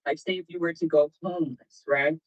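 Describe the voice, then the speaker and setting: A man speaks earnestly in a casual discussion, his slightly high voice a little husky. The sound is dull and lo-fi, like a clip played back through a stream. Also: fairly even intonation, a little fast. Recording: lo-fi playback of a clip.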